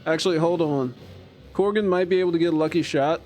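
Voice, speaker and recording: A man streaming a game, chatting casually and flipping between low mutters and gleeful outbursts. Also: quick pace, a little mellow, faint music behind. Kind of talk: casual gameplay commentary.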